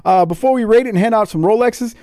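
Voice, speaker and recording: A middle-aged man with a Southern US accent hosts a casual wrestling review, talking in an animated way with laughs and repeated words. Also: high-pitched, fast, no echo, clean studio sound. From Deep South, US. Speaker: podcast host.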